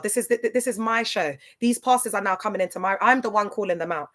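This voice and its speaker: A woman's voice: mid-range voice, fast, a bit bright. A woman hosting a casual livestream, talking emphatically and repeating herself, tearful at times. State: tearful in places. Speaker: livestream host.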